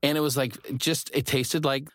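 A man hosting a podcast in casual conversation, playful and jokey with quick asides. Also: medium pitch, steady tone, fairly bright tone, no room sound, studio quality. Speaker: podcast host. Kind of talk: casual chat.

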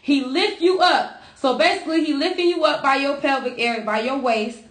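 A high-pitched woman co-hosting a podcast, talking loudly in casual chat and peppering her animated stories with profanity. Her voice rings out in a roomy, echoey space. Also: a little fast. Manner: loud, profane, animated storytelling. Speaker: podcast co-host.

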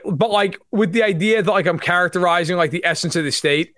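A man's voice: a little high, no room sound, clean studio sound. A man with a New York accent talking football in casual, joking banter on a podcast. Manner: fast, animated, self-deprecating banter. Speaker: sports analyst guest. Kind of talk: casual sports talk.

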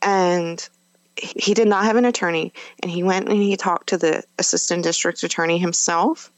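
A woman's voice: fairly low pitch, fairly even intonation, moderate pace, dry recording, rough recording. A woman guest on a podcast, candidly recounting a personal experience in a conversational way, with fillers and self-corrections.

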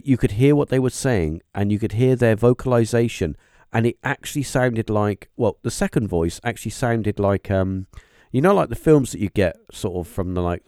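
A man hosting a podcast interview, talking in a halting, musing way with lots of fillers and restarts. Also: lowish voice, warm tone, dry recording, clean studio sound. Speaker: podcast host. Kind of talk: casual interview chat.

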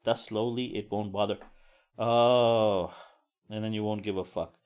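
A man's voice: lowish voice, flat delivery, fast talker, darkish tone. A man hosting a solo podcast, talking casually with frequent swearing and self-deprecating asides. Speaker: podcast host.

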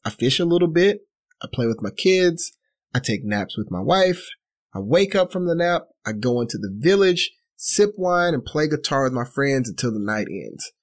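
A man's voice: medium pitch, very animated, close to an everyday voice. A man doing a laid-back village fisherman. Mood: content. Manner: laid-back, unhurried talk. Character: relaxed village fisherman, easygoing and content.

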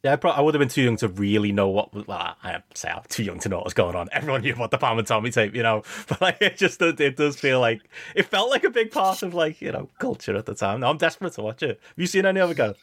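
A man hosting a casual podcast chat, talking in a lively way and laughing often. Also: mid-range voice, fast talker, hardly any pauses. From Liverpool, England. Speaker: podcast host.

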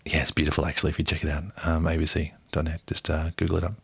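A man casually reading a news article aloud in a soft, unhurried voice, often half-whispering and chatting in between. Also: rumbling low, monotone, vocal fry, slightly rough, no room sound. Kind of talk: casual read-aloud with asides.

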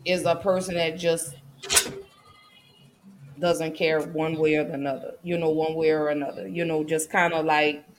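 A woman's voice: low voice, flat delivery, normal speed, long pauses, background noise. A mother giving impassioned, preachy commentary in a casual, colloquial way. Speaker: vlogger and mother.

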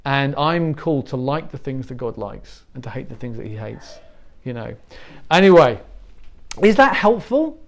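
A man's voice: medium pitch, sing-song, normal speed, gravelly. A middle-aged Englishman giving a conversational sermon as a pastor, telling stories with self-deprecating humor.

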